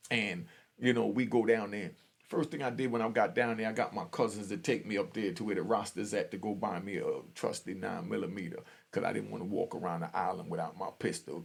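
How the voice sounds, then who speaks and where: Brief: streetwise vlogger, man in his fifties, husky and gravelly, blunt and preachy. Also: on the low side. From Jamaica. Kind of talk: street commentary vlog. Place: outdoors on a street.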